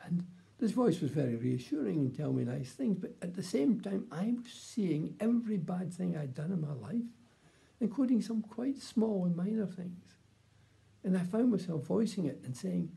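A man's voice: sits high, animated, normal speed, creaky, dark tone. An older man telling his personal faith testimony in a plain, earnest storytelling way. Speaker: testimony speaker.

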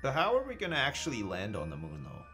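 Low-voiced, lively male game streamer. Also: fast, faint music behind. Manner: joking, profane, thinking aloud while reading chat. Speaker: gaming livestreamer. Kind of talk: casual live gameplay commentary.

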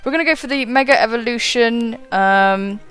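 A young woman gaming YouTuber gives chatty commentary on a game battle, swearing, laughing often and poking fun at her own moves. Her voice is fairly high and fairly bright, at a moderate pace.

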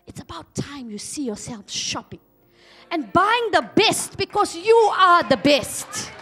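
A woman from South Africa preaching a sermon, swinging from loud exhortation to hushed asides. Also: sits high, big pitch swings, a little slow, soft background music. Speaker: pastor.

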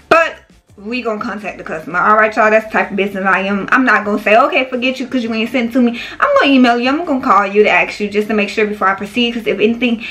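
A talkative woman vlogger, chatting straight to her viewers. Her voice sits a little high and has a bright, forceful edge. She keeps calling her audience "y'all" and "baby". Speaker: small business owner and vlogger. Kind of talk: casual chat to viewers.

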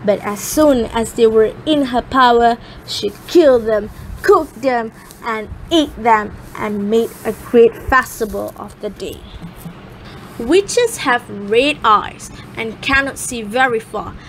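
A woman reading a fairy tale aloud in a careful, slightly halting way, with small slips. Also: a little high, a little hiss or hum, rough recording. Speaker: storyteller.

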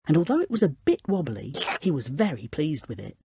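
A woman narrating a children's storybook in a lively, expressive reading. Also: deep voice, a little fast, breathy edge, dry recording, clean studio sound.

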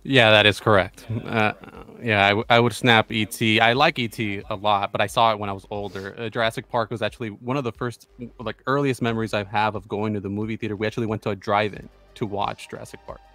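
A man's voice: fairly low pitch, fairly even intonation, fast, hardly any pauses, bright, forceful tone. A man on a livestream panel, easygoing, with hesitant starts in casual chat.

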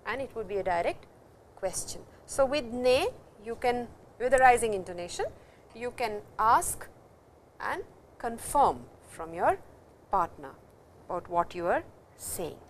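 A woman's voice: fairly high pitch, very animated, a little slow, a little hiss or hum. A woman teaching a language lesson in a patient, explanatory way, repeating key words as she goes. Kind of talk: recorded classroom lecture.

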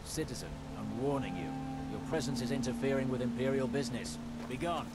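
A man's voice: mid-range voice, a little fast, close to an everyday voice. An actor playing a curt, commanding male imperial soldier in a video game. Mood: stern. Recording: game audio with loud music.

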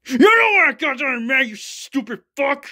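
A man voicing a pompous old grandfather who scolds and shouts. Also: very high-pitched, very animated, normal speed, voice pushed up, exaggerated voice. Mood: indignant. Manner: loud, scolding, indignant.

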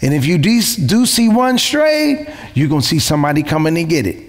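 A man delivers a sermon in a gravelly voice that swings up and down with lively pitch. He presses his points through repetition and rhetorical questions. His voice rings out with a long hall reverb. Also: fairly quick. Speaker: pastor.

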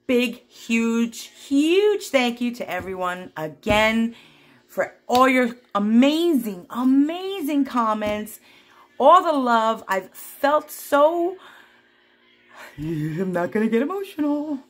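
Giddy, slow-talking woman vlogger. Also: high-pitched. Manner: giddy, excitable, giggly. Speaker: craft vlogger hosting a giveaway. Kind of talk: casual chat to viewers. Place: at home.

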